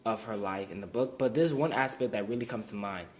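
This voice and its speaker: A man's voice: lowish voice, brisk, a little hiss or hum. A young man giving a recorded class presentation, earnest and explanatory, often restarting and repeating words. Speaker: student presenter.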